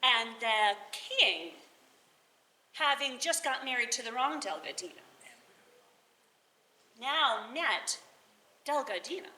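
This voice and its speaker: A woman telling a folk tale aloud at a live bardic gathering, animated and chuckling between lines. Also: a little high, slow, pauses often, slight background noise. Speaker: storyteller. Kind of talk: live oral storytelling. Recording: roomy live venue.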